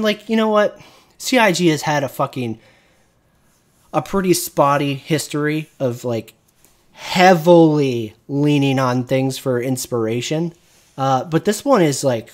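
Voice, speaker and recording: A man hosting a live stream, casually ranting and swearing while reacting to a video. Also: fairly high pitch. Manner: profane, ranting. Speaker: streamer host.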